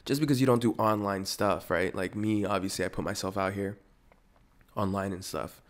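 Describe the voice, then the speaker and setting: A man with a fairly low voice who hosts a podcast. He talks in a loose, animated ramble, stacking fillers like "like" and "dude" as he chases his point. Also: normal speed. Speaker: podcast host. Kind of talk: casual podcast rant.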